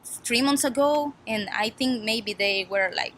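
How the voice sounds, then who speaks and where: A woman's voice: fairly high pitch, unhurried, fairly bright tone, slight background noise. A woman interviewed as a neighbor for a news story, speaking in a hesitant, shaken way.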